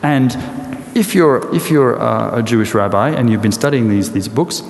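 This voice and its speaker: Guy preaching, lively storyteller, lots of rhetorical questions, big echoey hall w/ long reverb. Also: medium pitch, normal speed, creaky. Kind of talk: sermon.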